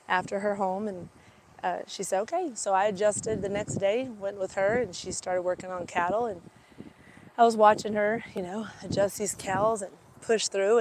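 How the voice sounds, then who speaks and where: A woman's voice: medium pitch, a little mellow, slight background noise. A woman with a blended Kentucky and Texas accent, telling a rambling story as an animal chiropractor, full of fillers and restarts. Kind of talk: casual storytelling vlog. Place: outdoors at fairgrounds.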